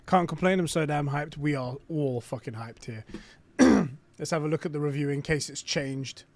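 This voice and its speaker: A man hosting a casual live stream, reading aloud and reacting with excitement and frequent swearing. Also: fairly high pitch, normal speed, vocal fry.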